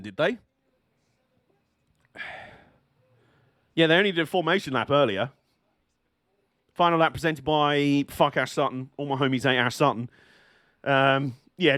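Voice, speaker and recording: A man with a high, light voice calls a motor race live for his stream, bursting into laughter and swearing freely. He sounds excitable and quick to react. The sound is dry and close, with no room around it. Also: no echo. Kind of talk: live watch-along race commentary.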